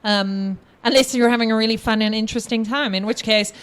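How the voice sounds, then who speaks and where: A woman's voice: a little high, fairly even intonation, fairly quick, clear, resonant tone. A woman from South Africa hosting a tabletop game stream as game master, chatty and joking. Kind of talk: casual streaming chat.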